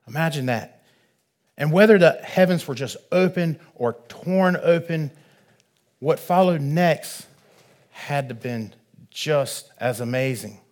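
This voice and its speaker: Slow, earnest preacher man. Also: fairly high pitch. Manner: measured and earnest, swelling louder on key phrases. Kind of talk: sermon.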